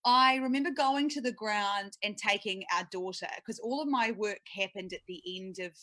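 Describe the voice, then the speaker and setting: A woman's voice: medium pitch, normal speed, no echo. Kiwi woman in her 30s chatting on a podcast, acts out the quotes, dry close sound. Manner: animated storytelling, acts out quotes. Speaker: sports broadcaster, guest. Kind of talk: casual podcast chat.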